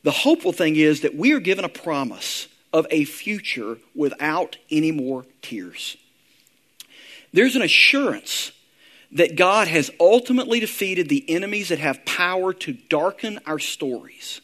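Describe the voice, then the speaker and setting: Male pastor, higher register, earnest sermon delivery, softens for quoted prayers. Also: sing-song. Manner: earnest, slows down and softens when reading prayers.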